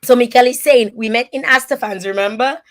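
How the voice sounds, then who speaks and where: A woman from Dominica hosting a live online interview, chatting warmly and reading viewer comments aloud with lively emphasis. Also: fairly high pitch, fairly quick. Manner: animated and emphatic, many restarts. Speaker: host.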